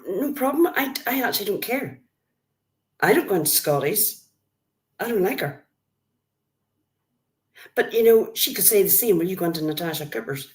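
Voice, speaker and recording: A grandmother with an Irish accent and a low voice talks straight to her live-stream viewers. She is feisty and blunt and calls out chatters by name. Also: a little mellow. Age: older. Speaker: livestream host. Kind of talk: casual live-stream chat.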